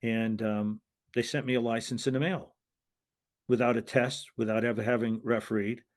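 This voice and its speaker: A man's voice: mid-range voice, fairly even intonation, moderate pace. An older American man, a former wrestling referee, telling long stories in an interview, rambling with restarts and acting out quoted voices. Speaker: guest, retired wrestling referee. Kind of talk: anecdotal interview storytelling.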